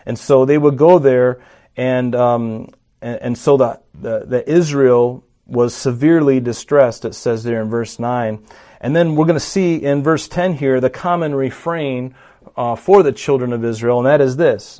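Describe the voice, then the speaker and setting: Male pastor, mid pitch, teaching sermon, talky with restarts, lifts volume on scripture. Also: moderate pace, warm tone. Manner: teaching, rising in force on scripture quotes; conversational with frequent fillers and restarts.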